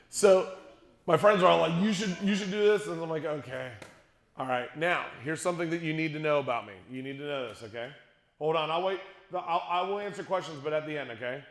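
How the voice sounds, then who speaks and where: Brisk and on the high side, a middle-aged man's voice carries through an echoey conference hall as he tells a youth audience a funny story. The youth speaker is animated, acts out quotes, and jokes with the crowd.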